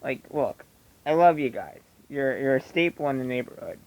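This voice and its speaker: A man's voice: mid-range voice, expressive, normal speed, rough recording. A man with a Delco accent from the Philadelphia area, ranting casually and bluntly about local opinions straight to camera. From Delaware County, Pennsylvania. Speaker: vlogger.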